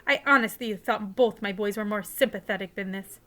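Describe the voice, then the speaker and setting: A woman's voice: medium pitch, brisk, bright, forceful tone, natural voice. A woman voicing a mother of two boys, earnest and ready to scold, in a read-aloud story.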